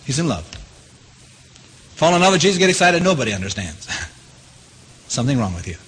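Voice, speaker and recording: A man preaching a sermon. He keeps asking his listeners questions and his voice leaps up in pitch to stress a point. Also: normal speed, slightly rough. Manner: animated, asks the audience questions, jumps high in pitch for emphasis. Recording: long hall reverb.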